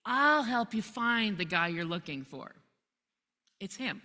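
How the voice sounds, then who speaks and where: Brief: woman as a wry, unflappable holy man; lively pitch, long reverb. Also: unhurried. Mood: reassuring. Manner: reassuring, breezy. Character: calm, wry male prophet.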